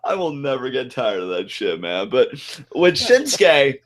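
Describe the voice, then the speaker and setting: A man co-hosting a podcast in casual, excitable chat, full of "like" and "dude". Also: medium pitch, a little slow. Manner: excitable, loose, peppered with "like" and "dude". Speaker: podcast co-host.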